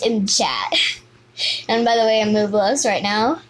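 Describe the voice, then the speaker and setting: An excitable woman chatters through her gameplay, exclaiming and repeating phrases in a sing-song lilt. Her voice sits a little high, with a faint hiss of noise under it. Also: a little slow, rough recording. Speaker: gaming video host. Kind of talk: live gameplay commentary.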